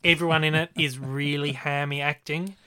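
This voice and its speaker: Bright, clear-voiced man reviewing films. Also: on the high side, fairly even intonation, normal speed. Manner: enthusiastic, rambling with fillers and restarts. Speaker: film reviewer co-host. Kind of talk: casual film review chat.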